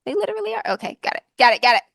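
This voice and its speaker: A woman's voice: high-pitched, big pitch swings, racing, gravelly, fairly bright tone. A woman playing a tabletop game, joking, swearing and laughing. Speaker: player. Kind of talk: casual game chat.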